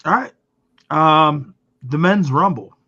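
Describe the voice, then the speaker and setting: A man co-hosting a podcast, talking in a measured, casual way with lots of fillers. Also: fairly high pitch, animated, sharp tone, breathy edge, lo-fi sound. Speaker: podcast co-host. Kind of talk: casual chat.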